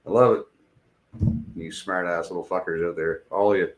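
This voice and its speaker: A man's voice: deep voice, fairly even intonation, normal speed. A middle-aged man chatting casually on a live stream in a rambling, jokey way, with lots of swearing.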